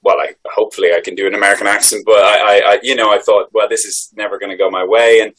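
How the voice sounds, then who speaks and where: Low-voiced Irish man, rambling. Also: little pitch movement, quick pace, fairly bright tone, poor audio. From Ireland. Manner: reflective, rambling, many restarts. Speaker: voice actor guest. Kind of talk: conversational interview answers.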